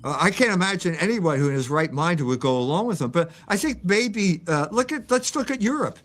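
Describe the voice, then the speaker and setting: High-voiced older man lecturing emphatically. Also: expressive, brisk, a bit bright. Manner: opinionated, emphatic lecturing with mocking quoted voices. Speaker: guest author. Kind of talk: live stream interview.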